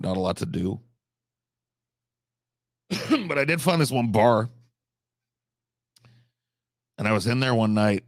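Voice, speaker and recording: A man's voice: on the low side, gravelly, no echo, studio quality. A man telling a rambling comic story in a casual, profane, conversational way. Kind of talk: comedic storytelling.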